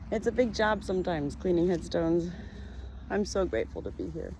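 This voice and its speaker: A woman vlogging as she cleans a gravestone, speaking softly and reverently and addressing the dead directly. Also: lowish voice, big pitch swings, normal speed. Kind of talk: casual narration while working. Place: outdoor cemetery. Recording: noisy outdoor audio with passing traffic.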